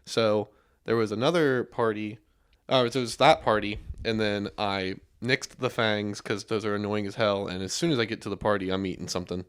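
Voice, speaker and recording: A man's voice: lowish voice, fairly even intonation, a little fast, a bit bright, clean tone. A young man, a podcast guest, telling stories in a rambling, casual way with many restarts. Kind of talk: casual chat.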